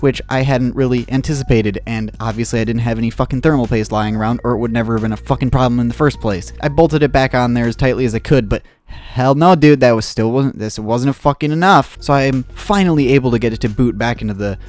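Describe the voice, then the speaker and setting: A man's voice: medium pitch, fast talker, hardly any pauses, darkish tone, soft background music. A young man telling a story in a vlog, rambling, interrupting himself and swearing constantly, recorded in a basement. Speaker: YouTuber.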